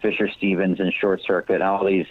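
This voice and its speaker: A man's voice: low voice, flat delivery, brisk. A man from Detroit, a TV writer guesting on a podcast, talking casually in a rambling, reflective way with frequent restarts. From Detroit, USA. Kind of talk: casual interview chat. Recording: tinny phone-like line, dry.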